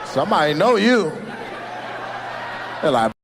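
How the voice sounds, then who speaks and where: A man doing stand-up crowd work on a club stage, teasing audience members with brash remarks that rise to loud shouts. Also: high voice, big pitch swings, extremely slow, long pauses. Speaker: stand-up comedian. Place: comedy club stage before a live audience. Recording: live club recording with crowd noise. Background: audience laughter and crowd noise.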